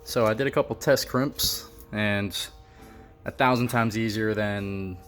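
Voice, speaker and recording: A man's voice: lowish voice, a little slow, a bit bright, faint music behind. A man talking casually to camera about his car project, offhand and thinking aloud with a few fillers. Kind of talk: casual workshop vlog.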